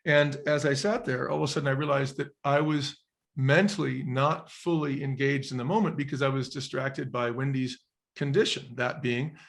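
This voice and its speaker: A man's voice: mid-range voice, fairly even intonation, moderate pace, creaky. Earnest man telling a personal story. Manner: earnest, reflective storytelling with acted-out quotes. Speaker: interview guest, former restaurant chain executive. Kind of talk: storytelling in a podcast interview.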